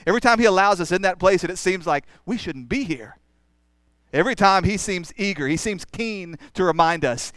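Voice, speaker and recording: A man's voice: high voice, a bit bright, no room sound. A man preaching a sermon, emphatic, with rhetorical questions and repeated phrases.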